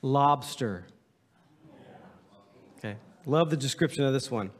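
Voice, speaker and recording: Male pastor, joking sermon, bouncy animated delivery, reverberant sanctuary. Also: mid-range voice, a little slow. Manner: playful, joking, reads aloud with mock drama. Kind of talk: humorous sermon to a congregation. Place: church sanctuary.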